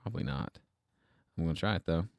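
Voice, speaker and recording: A man's voice: low voice, expressive, fast, gravelly, dry recording, dull audio. A man hosting a casual livestream from his home studio, rambling and thinking aloud as he troubleshoots, with self-deprecating asides. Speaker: livestream host.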